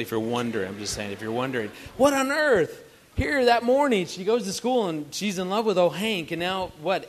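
A man telling a family story as a marriage speaker to a live audience, animated and joking, asking the audience questions. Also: on the high side.

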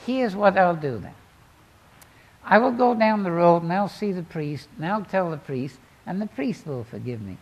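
Gravelly, animated male preacher. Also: sits high. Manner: dramatic storytelling, swinging between loud exclamations and quiet asides. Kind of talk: sermon.

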